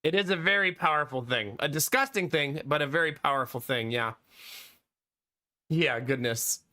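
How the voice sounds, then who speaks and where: Casting: male streamer, 30s, bright and higher-pitched, loose chatty delivery with lots of laughs. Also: moderate pace. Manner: chatty, laughs often, reads chat aloud. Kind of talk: casual live-stream chat.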